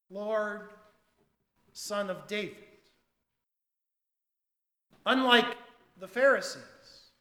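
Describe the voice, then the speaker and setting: A male pastor preaching a sermon, swinging between loud emphatic lines and hushed asides. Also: very high-pitched, roomy sound, big-room sound.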